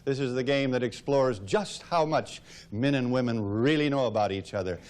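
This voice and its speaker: A man's voice: mid-range voice, moderate pace, a little mellow. A man hosting a TV game show in a jokey, bantering way. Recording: noisy old TV broadcast with studio audience.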